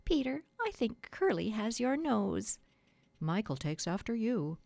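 A prim little storybook girl who fusses over everyone like a mother, her voice lifting high and lilting with earnest feeling, as a woman reading aloud puts her on. The sound is dry and close. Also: big pitch swings, unhurried, gravelly, a little mellow, dry recording, heavily acted. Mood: tender.

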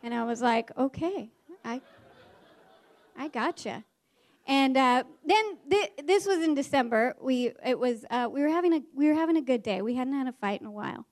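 A woman, a former teacher, tells a story in an animated way, acting out the voices of the people in it. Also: sits high, a little fast, few pauses. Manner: animated, acts out the characters' voices.

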